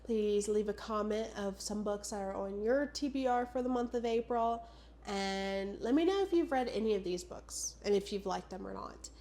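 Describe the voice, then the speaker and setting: A woman's voice: medium pitch, normal speed, warm tone. A young woman in her twenties, sick and stuffed up, chatting casually and rambling through a book vlog with lots of "like" and "I don't know". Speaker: booktuber.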